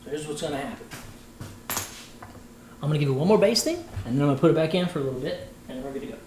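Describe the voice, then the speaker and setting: A man's voice: a little high, rapid-fire, noisy background. Playful man cooking in a roomy kitchen. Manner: playful, jokey, talks to viewers while cooking. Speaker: voice actor hosting a cooking livestream. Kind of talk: casual cooking livestream chat.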